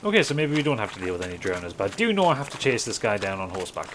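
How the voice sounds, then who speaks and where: A man's voice: lowish voice, very animated, rapid-fire, noisy background. A man giving casual, rambling, self-mocking commentary while playing a video game. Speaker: gaming YouTuber. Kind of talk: casual let's-play commentary. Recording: commentary over game music.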